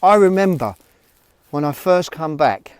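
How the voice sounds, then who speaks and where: A man's voice: on the high side, animated, unhurried, clear, resonant tone, dry recording. A man talking earnestly and bluntly to a handheld phone camera, giving a motivational vlog with frequent restarts and swearing. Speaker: vlogger.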